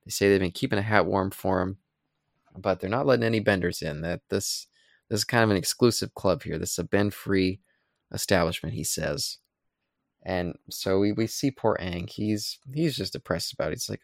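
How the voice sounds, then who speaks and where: Co-host, male, deep voice with a gravelly edge, dry close sound, retells scenes with little voiced lines. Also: normal speed, no echo. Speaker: podcast co-host. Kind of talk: casual chat.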